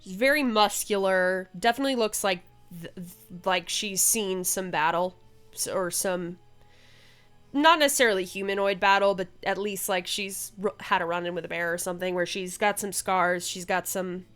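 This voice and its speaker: Smooth-voiced woman narrating a tabletop game. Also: medium pitch, normal speed, a bit bright, faint music behind. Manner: rambling, hesitant, many fillers and self-corrections. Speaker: game master.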